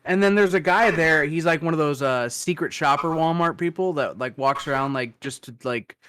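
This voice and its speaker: Relaxed man in his thirties chatting. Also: fairly high pitch, moderate pace, clear, resonant tone. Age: 30s. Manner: relaxed, rambling, full of "like" fillers. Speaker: podcast co-host. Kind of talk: casual chat.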